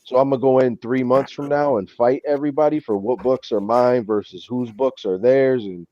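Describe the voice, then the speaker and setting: A man hosting a casual chat, telling stories in an animated way and saying "bro" a lot. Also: mid-range voice, moderate pace, no room sound, lo-fi sound. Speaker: show host.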